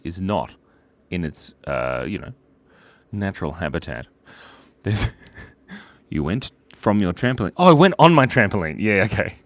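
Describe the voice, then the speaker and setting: A man's voice: low-pitched, fairly bright tone, no echo. A man hosting a casual live drawing stream, reading viewer chat aloud, telling silly jokes and giggling often. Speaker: livestream host drawing for viewers.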